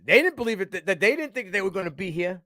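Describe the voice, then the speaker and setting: Man, sports podcast co-host, high lively voice, excitable restarts. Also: fast, dry recording. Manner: animated, trails off and restarts. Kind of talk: casual sports chat.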